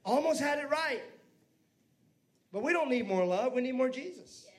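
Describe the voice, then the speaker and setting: Man, pastor, very high voice, lively sermon, talks to the congregation. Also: normal speed. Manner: lively preaching with asides to the congregation.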